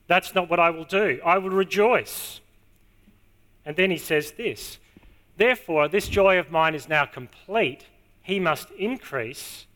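Male preacher, high and bright, emphatic sermon delivery. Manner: emphatic, repeating key words slowly. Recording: long hall reverb.

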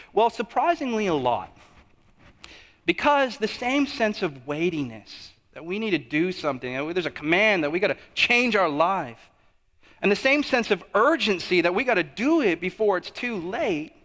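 A man in his thirties preaching a sermon in a church, telling a story with animated swings in his voice. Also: fairly high pitch. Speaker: pastor. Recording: long hall reverb.

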